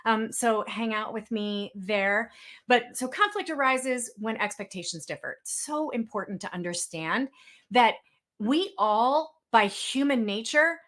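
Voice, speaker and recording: A woman's voice: on the high side, fairly bright tone. A woman presenting a webinar, telling stories in a chatty way and acting out the exchanges she quotes. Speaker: webinar speaker.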